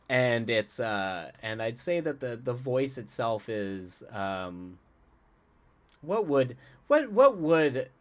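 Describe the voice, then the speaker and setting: Sex: man. Role: live streamer. Style: casual chat, playful with viewers, halting with many restarts. Pitch: average. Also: fairly bright tone. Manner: rambling, halting, with frequent restarts and chuckles; answers chat directly, playful. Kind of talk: casual stream chat and reading a story aloud.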